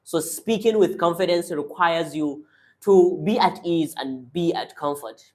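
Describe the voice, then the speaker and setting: A man's voice: on the high side, unhurried, darkish tone. Man coaching with short direct commands. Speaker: public speaking coach. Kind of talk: motivational speaking lesson.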